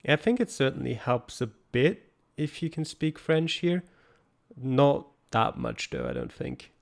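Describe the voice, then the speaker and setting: A man giving calm, explanatory color commentary on an online geography game. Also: medium pitch, a little slow, gravelly. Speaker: esports co-commentator.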